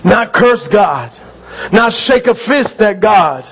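A man preaching a sermon as pastor, earnest and conversational, often checking in with his listeners, repeating and restarting phrases as he builds to loud pleas. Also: high voice, very animated, takes it slowly, husky, dull audio.

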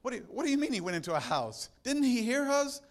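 A man's voice: very high-pitched, big pitch swings, quick pace, pitched above the performer's own voice, heavily acted. A man preaching who briefly voices a bewildered, pleading blind man from a Bible story, asking where Jesus went. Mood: bewildered, insistent. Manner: bewildered, insistent questioning. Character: two desperate blind men of old, pleading.

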